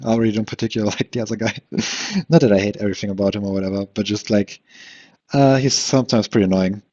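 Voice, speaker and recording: Guy ranting solo into a muffled cheap mic, low voice, keeps second-guessing himself. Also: breathy edge. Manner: frustrated, rambling, self-questioning with frequent restarts and laughs. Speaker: podcast host. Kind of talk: solo rambling monologue. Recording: dull lo-fi recording.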